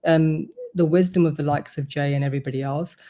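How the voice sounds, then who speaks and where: A man's voice: fairly high pitch, steady tone, a little fast, mellow. A man, a supporters' representative, talking earnestly and at length as a guest on a podcast. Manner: earnest, talkative, explains at length. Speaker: supporters' board vice-chair, podcast guest. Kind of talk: casual podcast chat.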